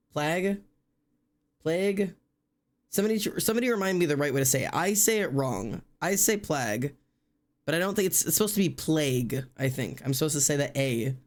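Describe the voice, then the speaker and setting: A young man with a Midwestern American accent who chats casually as a live streamer, rambling and correcting himself as he goes. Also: fairly high pitch. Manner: rambling, self-correcting, chatty. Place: home streaming room.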